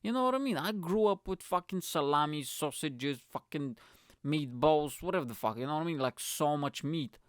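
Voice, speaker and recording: A man from Bulgaria, hosting his show in an animated, profane comic rant full of filler phrases. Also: a little high, moderate pace, no echo, clean studio sound. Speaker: podcast host. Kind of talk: comic ranting monologue.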